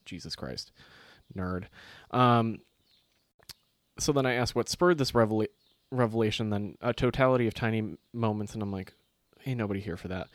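A man's voice: lowish voice, no echo. Profane, sarcastic man chatting on a podcast. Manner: profane, sarcastic, animated storytelling. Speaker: podcast co-host. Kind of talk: casual chat.

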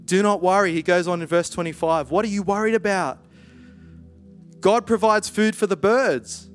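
A man preaching a conversational sermon, animated and playful, with lively asides. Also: high-pitched, moderate pace, faint music behind.

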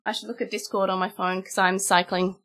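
A woman's voice: medium pitch, little pitch movement, fairly quick, a bit bright, faint music behind. A woman guesting on a podcast, chatting casually, tipsy, giggly and rambling.

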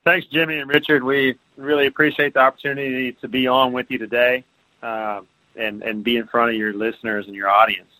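Polite male business owner on a podcast, bright voice, dry mic. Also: medium pitch, level tone, dry recording, poor audio. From Texas. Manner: polite, measured. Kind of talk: podcast interview.

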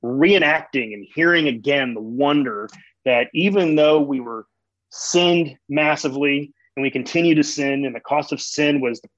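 A man's voice: a little high, moderate pace, fairly bright tone, no echo. A man as an interview guest, earnestly explaining faith through family stories. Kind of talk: conversational theological explanation. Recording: dull, dry recording.

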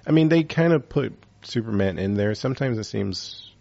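A man's voice: fairly low pitch, lively intonation, moderate pace, vocal fry, warm tone, lo-fi sound. A man hosting a casual chat, rambling with lots of fillers.

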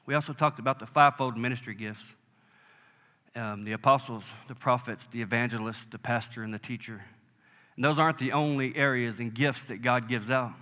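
A pastor preaches emphatically in a church sanctuary, calling for amens in call-and-response with the congregation. His mid-range voice is brisk, bright and forceful, with the echoey hall giving long reverb.

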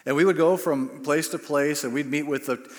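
A man's voice: fairly high pitch, normal speed. A male pastor preaching a sermon, telling a story and building to bursts of emphasis. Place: church sanctuary. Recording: long reverb of a church hall.

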